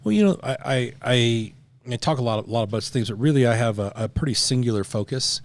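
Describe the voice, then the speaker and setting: Fast-talking blunt middle-aged man. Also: medium pitch, lively intonation. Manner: blunt, profane, emphatic storytelling. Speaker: podcast guest. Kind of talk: casual podcast chat.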